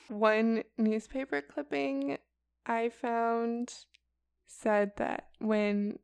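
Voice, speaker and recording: A young woman chatting casually through a report, her voice smooth yet carrying a gravelly fry. The sound is dry and close. She fills her talk with easy "like"s and "um"s. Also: on the high side, level tone, extremely slow, darkish tone, no room sound. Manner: chatty and casual, heavy with fillers like "like" and "um". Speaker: podcast co-host presenting a report. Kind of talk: casual chat.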